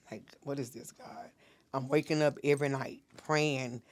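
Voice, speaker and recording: A woman's voice: low voice, steady tone, unhurried. A middle-aged woman speaks as a podcast guest and minister. She tells her story with earnest intensity and acts out the words of everyone involved. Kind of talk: emotional personal storytelling.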